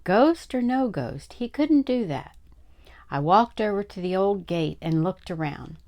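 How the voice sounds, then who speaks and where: An older woman, a grandmother, reading a chapter book aloud slowly and deliberately. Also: mid-range voice, lively intonation, a little mellow. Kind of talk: storybook read-aloud.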